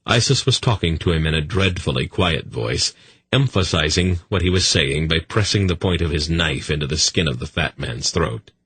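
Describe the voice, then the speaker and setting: A man narrating a fantasy audiobook in a measured storytelling manner. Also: rumbling low, animated, fairly bright tone, breathy edge, no echo.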